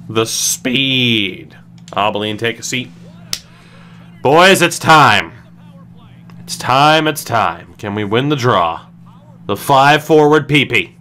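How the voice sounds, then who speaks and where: A man commentating his own hockey video game, swinging between low groans and excited shouts. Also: slight background noise. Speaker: gaming streamer.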